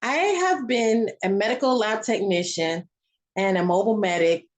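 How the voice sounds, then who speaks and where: A woman's voice: mid-range voice, normal speed, low-quality recording. A woman guest in a casual chat interview, telling rambling stories with many restarts.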